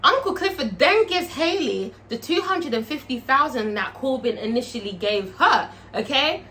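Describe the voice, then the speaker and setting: A woman casually recapping a TV episode, animated, swearing and checking in with the viewer. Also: high voice, normal speed, a little hiss or hum. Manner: animated, frequent swearing, checks in with "all right?". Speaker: TV show reviewer.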